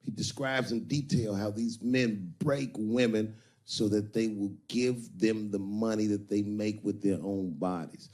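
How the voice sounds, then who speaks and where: A man's voice: fairly low pitch, darkish tone. A man performing stand-up, telling a story in a profane, theatrical way. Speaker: stand-up comedian.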